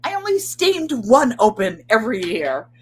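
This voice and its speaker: A woman's voice: fairly high pitch, big pitch swings, moderate pace, slight background noise. An older woman hosting a sewing and crafts channel, chatting casually to viewers in a rambling way and often repeating herself. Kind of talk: casual live chat.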